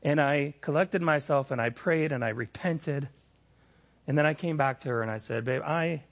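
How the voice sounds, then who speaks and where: A man's voice: fairly high pitch, normal speed, creaky, highs cut off. A middle-aged man preaching a sermon, telling personal stories candidly with frequent restarts and repeated phrases. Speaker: pastor.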